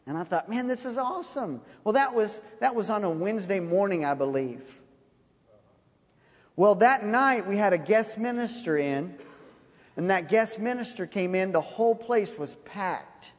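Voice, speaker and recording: High-voiced man preaching in a reverberant hall. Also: moderate pace. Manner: animated, laughing while telling a story. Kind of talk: sermon storytelling.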